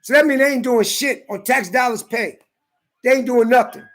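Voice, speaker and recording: A man tells a story in an angry, profane rant. He talks heatedly and breaks into shouts. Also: very high-pitched, moderate pace. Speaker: ranting commentator.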